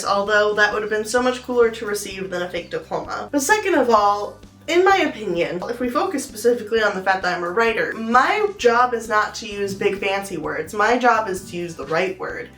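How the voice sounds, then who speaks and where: A young adult woman giving her opinions in a casual vlog, animated and playful, with sarcastic asides. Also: mid-range voice, fairly quick, faint music behind. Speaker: vlogger. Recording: echoey room.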